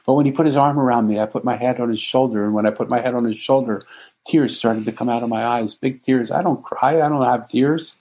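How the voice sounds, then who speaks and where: A man's voice: medium pitch, fairly quick, a little mellow, natural voice. A man voicing a despairing, ashamed homeless man in an emotional retelling. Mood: tearful.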